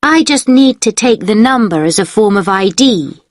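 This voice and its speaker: A woman's voice: mid-range voice, lively intonation, moderate pace, no echo, clean studio sound, natural voice. A woman playing a polite hotel receptionist in a scripted exam dialogue, using a formal service tone. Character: courteous female hotel receptionist.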